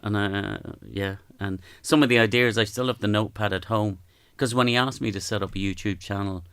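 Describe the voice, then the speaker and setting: An Irish man speaks as a podcast guest, his voice low and noticeably gravelly. He tells stories gently and haltingly, often restarting his sentences. The sound is close and dry. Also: fairly even intonation, no room sound. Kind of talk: reflective storytelling.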